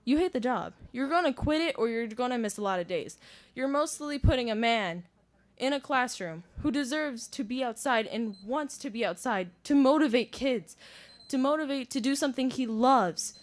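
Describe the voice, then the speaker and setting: A woman's voice: on the high side, expressive, normal speed. An eighth-grade girl speaking heartfelt and plainspoken during public comment at a school board meeting. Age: teenager, eighth grader. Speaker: student speaker.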